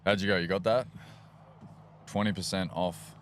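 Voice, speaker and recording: A man with an Australian accent co-hosts a live race broadcast, teasing and joking in relaxed banter. His voice sits a little low. A faint hiss of background noise hangs under his talk. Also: normal speed. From Queensland, Australia. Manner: jokey, playful, teasing banter. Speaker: livestream co-host. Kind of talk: casual live event commentary.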